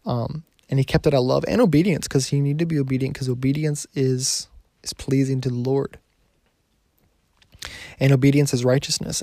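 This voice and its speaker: Man preaching casually, dark gravelly voice, dry close sound, loose phrasing with frequent restarts. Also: mid-range voice, dry recording. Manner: conversational, frequent restarts and self-corrections. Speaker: Bible teacher. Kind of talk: casual sermon.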